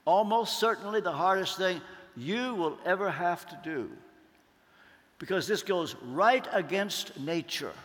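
A man preaching a sermon, slow and deliberate, leaning on emphatic pauses. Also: high voice, a bit bright. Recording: long hall reverb.

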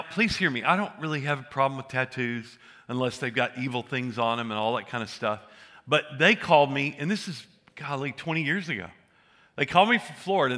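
A man's voice: medium pitch, bright, forceful tone. An older man preaching a sermon, telling folksy stories and joking with the congregation. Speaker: pastor.

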